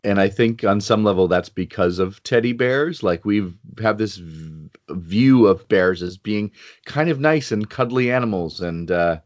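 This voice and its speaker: Low-voiced male co-host, easygoing and steady, dry muffled audio. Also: unhurried, dry recording. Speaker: podcast co-host reviewing a game book. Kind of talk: casual chat.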